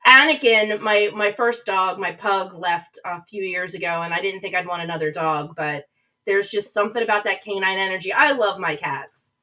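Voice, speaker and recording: A woman hosting a live stream chats casually and reads viewer comments aloud, rambling and starting over. She speaks at a moderate pace with medium pitch and a sharp tone, recorded from a distance by a webcam mic a little back from the screen, with poor audio.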